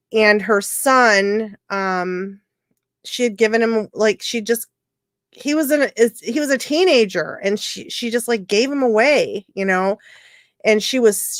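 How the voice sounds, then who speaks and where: A woman medium talking on a radio chat show, her voice sitting at an ordinary middle pitch. She tells her stories in a rambling, heartfelt way, often breaking off and restarting her sentences. The sound is dry and close, with no room around it. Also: dry recording. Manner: rambling, emotional storytelling with many restarts. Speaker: psychic medium guest. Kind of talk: casual radio conversation.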